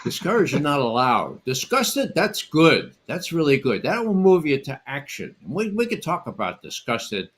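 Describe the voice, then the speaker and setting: A man's voice: fairly high pitch, big pitch swings, moderate pace, few pauses. An older man speaking as a guest panelist on a livestream, telling a story in an emphatic way and repeating his words.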